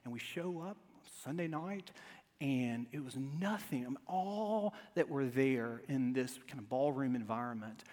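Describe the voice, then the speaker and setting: A male pastor preaching a sermon to his congregation, telling stories with humor and swinging from quiet asides to loud emphasis. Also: mid-range voice, lively intonation, a little slow. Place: church sanctuary before a congregation. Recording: long reverb of a large church hall.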